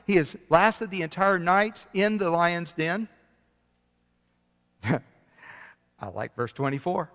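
A man preaching a sermon, reading scripture aloud and swinging between loud emphasis and quiet passages, sometimes losing his place and correcting himself. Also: high-pitched, takes it slowly, pauses often, big-room sound. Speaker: pastor.

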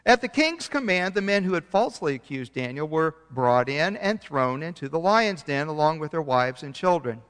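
A man preaching a sermon, reading scripture aloud and swinging between loud emphasis and quiet passages, sometimes losing his place and correcting himself. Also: a little high, sing-song, normal speed, hardly any pauses, clean tone, in a large hall. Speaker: pastor.

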